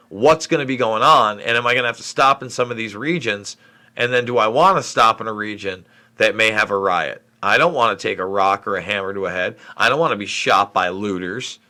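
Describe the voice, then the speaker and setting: A middle-aged man from New York State hosts a live question-and-answer stream. He answers viewer comments in a frustrated, rambling way. His voice is bright and forceful. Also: mid-range voice. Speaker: livestream host. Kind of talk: live Q&A stream reading chat.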